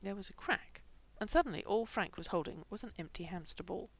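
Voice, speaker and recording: A woman reads a piece of fan fiction aloud, with a gravelly, creaky texture in her voice. She narrates at a middling pitch and sometimes sinks into a hushed whisper. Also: brisk. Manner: reads dialogue with lively shifts, dropping to whispers.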